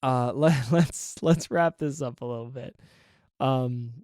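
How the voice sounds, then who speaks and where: Excited rambling man, dry close sound. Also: medium pitch, slow pace, no room sound. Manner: excited, rambling, laughs often. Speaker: podcast host and hobby game developer. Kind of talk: casual solo podcast monologue.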